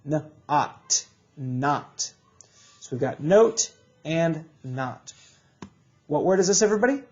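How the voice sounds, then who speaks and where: A man teaching a recorded reading lesson to children, drilling sounds and words in slow call-and-response. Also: fairly high pitch, expressive, darkish tone, dull audio.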